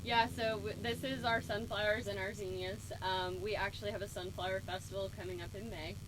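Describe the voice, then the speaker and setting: A woman's voice: medium pitch, steady tone, a little fast, noisy background. A young woman, a farm owner answering questions outdoors in a friendly, informative way. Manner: friendly, informative, laughs easily. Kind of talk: casual interview answers.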